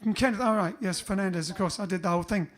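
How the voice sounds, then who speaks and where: A high-voiced man chats breezily between songs as he leads his band's livestream. He bounces from joke to joke, tossing in bits of mock French. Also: very fast. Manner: chatty, playful, jokes in mock French. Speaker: bandleader and singer hosting a livestream. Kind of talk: casual chat between songs.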